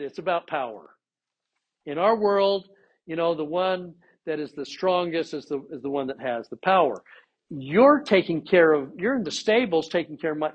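Guy teaching a church class, lively and dramatic, kinda high voice, muffled recording. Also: moderate pace. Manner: animated, dramatizes scripture quotes with voice inflection.

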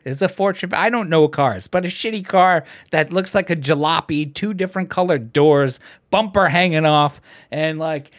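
A man's voice: fairly high pitch, moderate pace. A man hosting a casual podcast, ranting about politics with plenty of swearing and frequent laughs. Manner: animated, profane ranting, laughs often. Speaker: podcast host.

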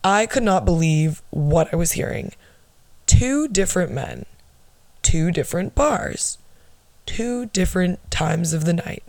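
A woman's voice: lowish voice, lively intonation, a little slow, vocal fry, darkish tone, no room sound. A young woman in her twenties telling a story on her podcast in a casual, sarcastic and blunt way, swearing freely. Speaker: podcast host.

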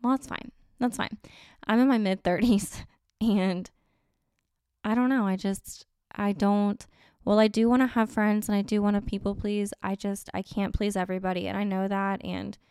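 A woman's voice: medium pitch, clean tone, no echo, studio quality. A woman in her thirties chatting casually to camera, rambling and correcting herself as she goes. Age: 30s. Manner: rambling, chatty, self-correcting with frequent laughs. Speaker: vlogger.

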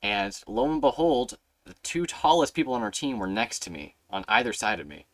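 A man's voice: mid-range voice, big pitch swings, a little fast, fairly bright tone, dry recording. A young man hosting a podcast, telling a rambling, swear-filled story in casual chat and acting out his younger self. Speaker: podcast host.

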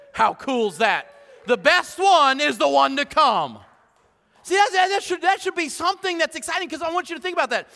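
A man preaching a sermon as pastor, animated and joking with the congregation in a church hall. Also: very high-pitched. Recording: long church hall reverb.

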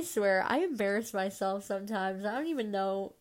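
A woman's voice: mid-range voice, moderate pace, hardly any pauses, fairly bright tone. Congested woman chatting on a podcast. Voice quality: nasal from congestion. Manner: rambling, self-deprecating, many "like"s. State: stuffed up, congested. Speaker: podcast host. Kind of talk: solo podcast chat.

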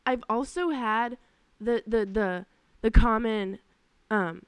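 A young woman chats through work stories with an animated, exasperated edge, full of fillers. Her voice sits a little high. The sound is close and dry. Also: no room sound. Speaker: podcast host. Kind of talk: casual storytelling monologue.

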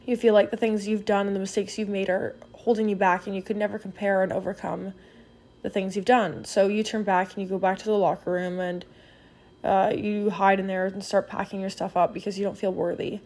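Woman, devotional speaker; earnest, encouraging, direct address, mellow tone. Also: medium pitch, little pitch movement, fairly quick. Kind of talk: spoken devotional retelling a parable.

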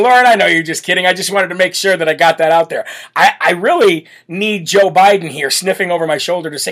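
A man hosting a political talk show, talking in a brash, blunt and forceful way, often repeating himself for emphasis. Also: sits high, fast, hardly any pauses. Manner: repetitive, emphatic restarts. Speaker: host.

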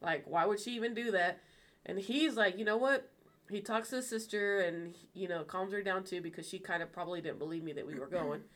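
Animated, cursing woman telling a story. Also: on the low side, brisk. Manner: animated, swears freely, acts out quoted dialogue. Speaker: podcast co-host. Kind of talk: casual storytelling chat.

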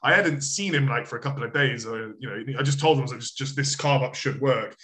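A man's voice: mid-range voice, quick pace, sharp tone. A man, a coach chatting as an interview guest, rambling with lots of filler words and casual swearing. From United Kingdom.

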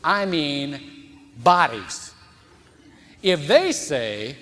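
A male pastor delivers a storytelling sermon in a casual, folksy and animated way. His voice sits slightly high. A long reverb from a church sanctuary trails behind each phrase. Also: slow, pauses often.

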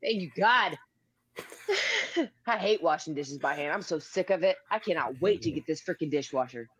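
A woman chatting casually on a podcast who talks quickly and laughs easily. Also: deep voice, big pitch swings, breathy edge, no echo. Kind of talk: casual chat.

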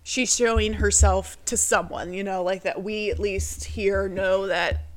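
A woman's voice: medium pitch, fairly even intonation, a little slow, dry recording. Young woman rambling through a family story. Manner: rambling, heavy on fillers, acts out quoted family voices. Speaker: podcast co-host. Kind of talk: casual personal storytelling.

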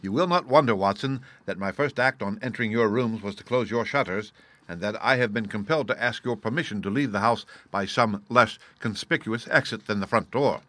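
An adult man voicing a calm, confident detective who speaks with composed irony in an audiobook reading. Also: fairly low pitch, fairly quick, no echo.

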